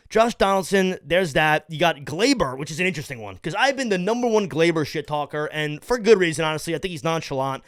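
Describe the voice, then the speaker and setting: A man's voice: fairly high pitch, fairly bright tone, no room sound, studio quality. Ranting, profane male sports podcast host. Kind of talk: opinionated sports talk.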